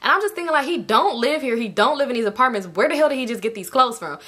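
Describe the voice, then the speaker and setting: A young woman telling a casual storytime to her viewers, animated and slangy, often addressing them directly. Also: fairly high pitch, fast talker, breathy edge. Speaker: storytime vlogger.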